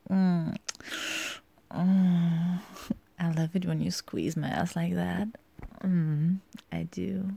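Slow, gravelly German-accented woman teasing. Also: on the low side, steady tone, warm tone. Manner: teasing, giggly, often drops to a whisper. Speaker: audio role-play performer. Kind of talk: flirty audio role-play.

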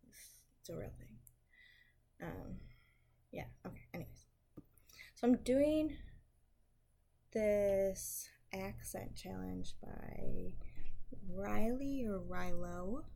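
A woman from the upper Midwest of the United States doing a casual accent challenge, slipping between a soft whisper and her normal voice, with giggles and frequent ums. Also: mid-range voice, expressive, slow, creaky, long pauses. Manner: frequent ums and self-corrections. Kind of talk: casual accent challenge reading a word list.

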